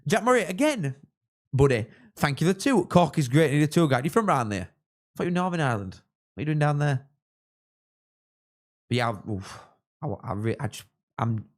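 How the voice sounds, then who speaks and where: Host type: young man, rambling casual stream chat, mid-pitched, erupts when play gets close. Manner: chatty, rambling, bursts into excited shouts at chances. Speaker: streamer hosting a live football watchalong. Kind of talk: casual live-stream chat with match reactions.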